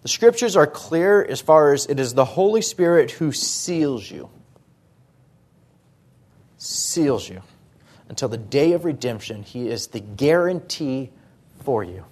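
A pastor preaching a sermon in church, talking through scripture in a conversational way with rhetorical questions. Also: male voice, medium pitch, lively intonation, a little slow, long pauses, a little mellow.

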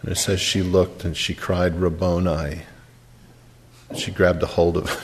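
A man preaching a sermon and retelling a scripture story, dropping to a hush and then rising to emphatic peaks. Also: deep voice, monotone, normal speed. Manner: storytelling, wide swings from hushed to emphatic.

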